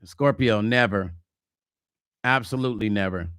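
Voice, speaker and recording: A man hosting a casual livestream vlog, reading viewer comments and talking relationships in a chatty, animated way. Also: lowish voice, measured pace, smooth, no echo, studio quality. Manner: chatty, animated, slips into mock quotes. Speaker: vlog host.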